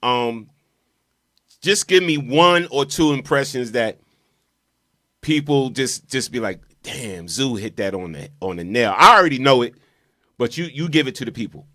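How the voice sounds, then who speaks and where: A man's voice: mid-range voice, expressive, a little slow, bright, forceful tone. A male show host in casual interview chat, hyped, slangy and repetitive.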